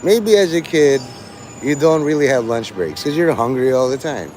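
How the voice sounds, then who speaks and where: Guy streaming and rambling at chat, pitch bouncing all over, teasing then ranting and cussing. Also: sing-song, normal speed, darkish tone, a little hiss or hum. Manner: rambling, teasing, bursts into mock-angry swearing rants. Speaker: livestreamer. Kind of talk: rambling livestream chat to viewers.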